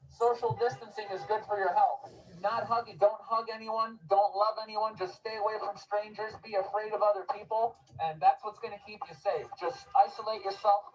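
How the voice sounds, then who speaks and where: High-voiced sarcastic man on the street. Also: lo-fi sound. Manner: deadpan sarcastic, repetitive exhortations. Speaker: street comedian. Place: outdoors on a city street. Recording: distant outdoor street recording.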